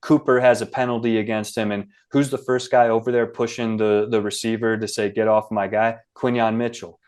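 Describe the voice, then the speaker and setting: A young man co-hosting a casual sports podcast, talking in a relaxed, rambling way full of fillers. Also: medium pitch, fairly quick, smooth. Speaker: podcast co-host.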